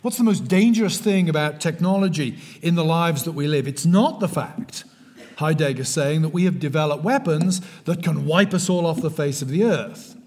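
A middle-aged man from the West Country of England with a West Country accent, giving a measured, emphatic sermon-style lecture that sinks to a hush on key words. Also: a little high. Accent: West Country English.

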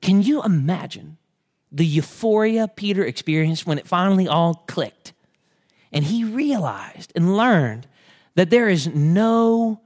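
A man preaching a sermon as pastor, swinging between slow hushed verse readings and fervent, rising appeals. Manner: builds to fervent, high-pitched emphasis; drops to slow, hushed tones on key verses.

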